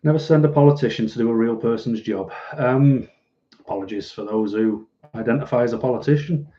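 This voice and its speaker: A man's voice: mid-range voice, a little fast. A man hosting a casual livestream, reading viewer comments aloud in a chatty, rambling way and laughing easily. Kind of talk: casual live chat. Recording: dull lo-fi recording.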